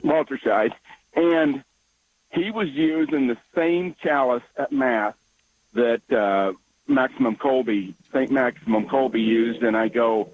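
A man's voice: medium pitch, unhurried, husky. A man calling into a radio show, earnest and enthusiastic. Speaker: caller. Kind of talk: phone-in conversation. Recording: dull lo-fi radio call.

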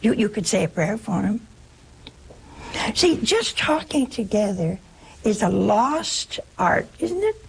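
Slowly and with big pitch swings, an older nun from the United States tells homespun stories in a spiritual talk, voicing characters' lines with a laugh. Her medium-pitched voice is creaky, and the poor audio has slight background noise.

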